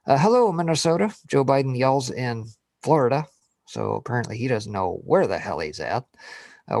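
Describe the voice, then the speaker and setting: A man's voice: mid-range voice, vocal fry, no echo, clean studio sound. A man running through a news roundup on a livestream panel in a sardonic, terse way.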